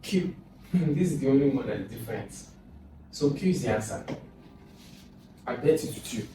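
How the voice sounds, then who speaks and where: A man's voice: medium pitch, expressive, normal speed, noisy background. A man with a Nigerian English accent tutoring for an exam, thinking aloud and repeating sounds over and over. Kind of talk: informal exam lesson. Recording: echoey room, far from mic, music behind.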